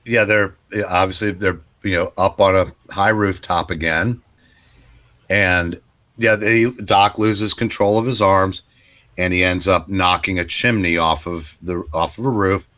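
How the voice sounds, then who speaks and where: A man in his sixties, co-hosting a comic book podcast, retelling a story at length in a relaxed, casual way. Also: deep voice, unhurried. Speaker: podcast co-host.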